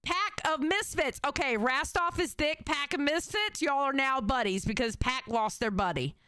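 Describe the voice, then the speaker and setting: A woman's voice: high voice, lively intonation, moderate pace, sharp tone, no room sound, studio quality. A woman streamer reacting to a call on a live stream, reading out chat and swearing dramatically and mockingly. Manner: reads out chat comments.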